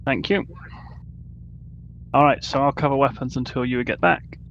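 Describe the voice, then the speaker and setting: A man running a starship crew in a casual voice-chat roleplay, easygoing and hesitant, often pausing with uh. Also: medium pitch, little pitch movement, a bit bright, lo-fi sound, a little hiss or hum. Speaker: ship commander in online roleplay.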